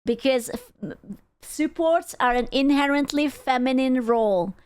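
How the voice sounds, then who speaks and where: A woman's voice: high-pitched, a little slow, a little mellow, clear, resonant tone, no echo. A woman streamer giving casual reaction commentary, sarcastic and mocking, swearing freely. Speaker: VTuber streamer reacting to a video.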